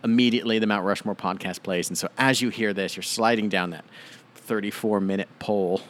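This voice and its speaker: Podcast co-host, male, slightly low voice, riffs sarcastically in loose chat. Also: fairly even intonation, fairly quick. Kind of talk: casual chat.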